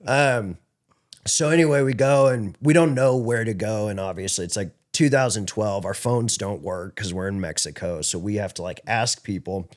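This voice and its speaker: A man's voice: on the low side, normal speed. A man guesting on a podcast, telling a long story in a rambling, casual way, with lots of filler words and swearing, on a studio microphone.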